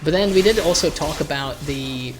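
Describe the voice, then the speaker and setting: A man's voice: fairly high pitch, normal speed. A man talks through a video game he is streaming live, loose and irreverent. His thoughts come in bursts, and he doubles back on a word before pressing on. The tone stays offhand and conversational. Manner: loose, irreverent, often repeating words as he restarts. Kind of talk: live gameplay commentary.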